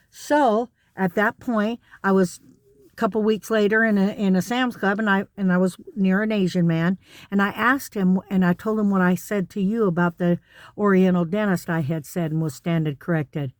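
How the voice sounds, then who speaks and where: A woman's voice: mid-range voice, a little mellow, dry recording. A woman ranting to camera in an indignant, emphatic way, repeating words for stress. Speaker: vlogger. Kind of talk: direct-to-camera rant.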